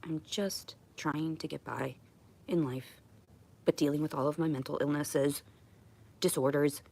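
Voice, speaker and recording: A woman's voice: sits low, fairly even intonation, measured pace, creaky, a little mellow. A woman chatting on a casual livestream at home, rambling and self-deprecating. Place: at home on camera.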